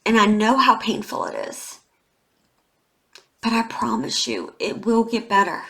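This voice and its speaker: A woman's voice: a little high, fairly even intonation, measured pace, gravelly, fairly bright tone. A woman in her forties, a tarot reader talking to camera in a heartfelt, confiding way, emotional and close to tears, with many "you know" fillers. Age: 40s. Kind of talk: emotional tarot reading vlog.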